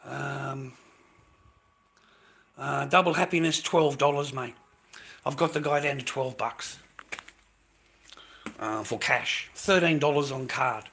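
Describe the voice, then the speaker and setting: A man's voice: mid-range voice, takes it slowly, vocal fry, long pauses, a bit bright, slightly rough. An Australian man chatting casually on a livestream from his kitchen at home, rambling and swearing freely while calling viewers mate and bro.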